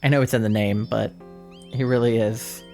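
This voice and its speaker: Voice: mid-range voice, fairly even intonation, moderate pace, dark tone, faint music behind. A streamer giving casual gameplay commentary, playfully cheering the characters on.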